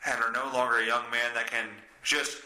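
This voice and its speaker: A man's voice: medium pitch, little pitch movement, brisk, pushed and bright. A middle-aged man hosting a podcast, telling a crude story in casual chat, swearing constantly and laughing as he goes. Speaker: podcast host. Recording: echoey room.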